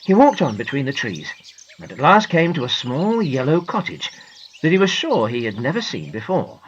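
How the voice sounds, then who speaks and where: A woman narrating a children's storybook in a gentle, expressive manner. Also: sits low, moderate pace, muffled recording, slight background noise.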